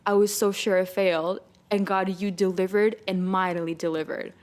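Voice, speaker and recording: Young woman telling an animated faith story. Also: medium pitch, moderate pace. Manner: animated storytelling with quoted inner dialogue. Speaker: podcast guest. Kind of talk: casual faith testimony.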